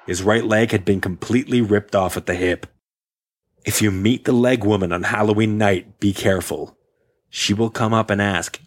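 A man's voice: fairly low pitch, slight background noise. A man hosting a casual podcast and reading a story aloud with playful humor. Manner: playful, laughs often. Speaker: podcast host.

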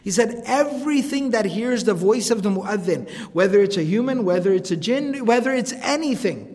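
A man teaching a recorded religious lecture, speaking conversationally, reciting Arabic quotations quickly and often checking in with "right?". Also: high voice, lively intonation, darkish tone. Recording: lecture hall with long reverb.

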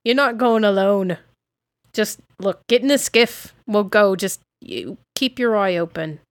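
A woman playing a wary, gruff old aunt and clan elder, grumbling in a lowered voice, with a dry close sound. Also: unhurried, no room sound, close to an everyday voice.

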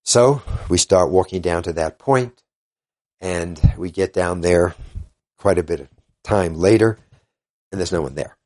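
An older man, a guest in an interview, earnestly retelling events in a halting way and quoting what others said. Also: sits low, darkish tone. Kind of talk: casual storytelling interview.

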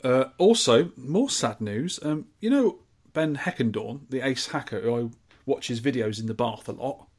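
A man co-hosting a podcast, talking in a rambling, jokey way. His voice sits at an ordinary middle pitch. He mixes loose chat with reading out news items. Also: animated, normal speed. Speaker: podcast co-host.

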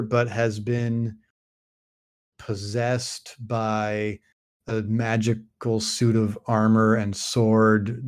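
A male podcast host summarizes a fantasy novel in casual chat, rambling with lots of fillers and frequent restarts. His voice is lowish, a little mellow and smooth.

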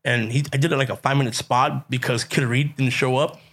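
Male comedian, casual storytelling, animated, laughs a lot, swears, mid-pitched voice, Spanish slang mixed in. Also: brisk, husky. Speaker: stand-up comedian, guest.

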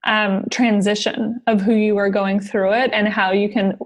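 A woman's voice: mid-range voice, flat delivery, a little slow. A woman hosting a podcast, reacting to her guest with effusive praise and encouragement and many casual fillers. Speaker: podcast host. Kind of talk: casual interview chat.

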